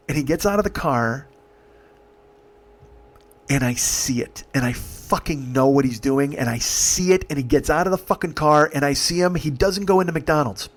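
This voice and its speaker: A man's voice: on the high side, expressive, quick pace. A male comedian telling a story, exasperated and swearing freely. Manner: profane, exasperated.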